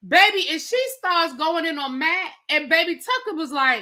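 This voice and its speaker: A woman's voice: very high voice, normal speed, hardly any pauses. A woman reviewing a reality show in a casual, slangy recap, acting out what the cast said. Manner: animated storyteller acting out quotes, slangy asides.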